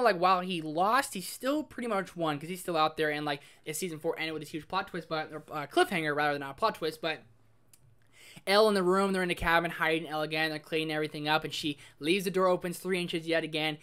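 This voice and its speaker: This high-voiced man, a film review host, excitedly gushes through a casual spoiler review of a show. "Like" comes up constantly, and he alternates between loud exclamations and hushed emotional moments.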